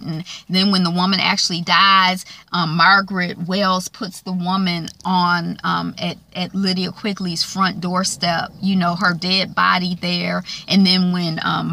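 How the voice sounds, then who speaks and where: A woman casually recapping a TV drama, retelling scenes with animated quoted lines. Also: lowish voice, creaky, slight background noise. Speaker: show recapper.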